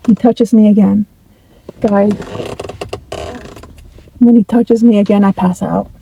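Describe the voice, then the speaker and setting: A woman from the United States telling a personal story in a casual, animated way, often repeating and restarting her words. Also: mid-range voice, slow pace, gravelly, pauses often, husky, no echo, poor audio.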